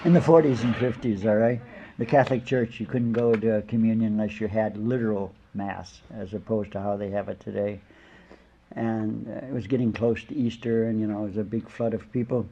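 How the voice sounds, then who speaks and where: A man's voice: fairly low pitch, fairly even intonation, brisk, mellow, a little hiss or hum. An older man, a spiritual teacher, giving an informal sermon with stories, rambling and chuckling through conversational asides. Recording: dull lo-fi lecture recording.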